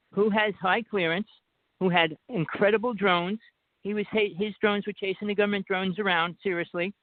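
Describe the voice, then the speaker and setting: A man's voice: high voice, dry recording. Insistent man with a Jersey accent on a phone line. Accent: New Jersey. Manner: insistent, talks over the other speaker. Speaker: guest. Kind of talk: rambling phone conversation. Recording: dry tinny phone line.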